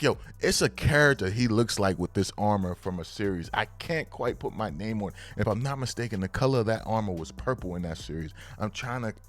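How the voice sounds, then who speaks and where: A man casually reviewing the latest comic chapters in slangy, excitable talk that now and then bursts into loud hype. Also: fairly low pitch. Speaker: manga reviewer.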